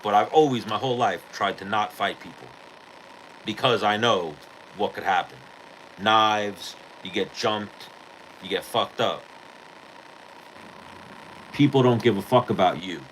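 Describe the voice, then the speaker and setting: A man's voice: fairly low pitch, unhurried, pauses often, a bit bright, slight background noise, low-quality recording. A male podcast host telling a rambling, profane story in casual chat.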